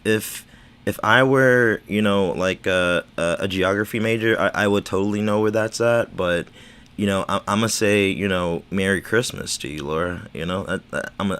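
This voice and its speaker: Low-ish voiced guy slurring a bit, stammers and repeats himself, just rambling on stream. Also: gravelly, a bit bright. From United States. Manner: stammering, repeats words, swears casually. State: slurring speech. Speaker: livestream host. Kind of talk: rambling casual chat.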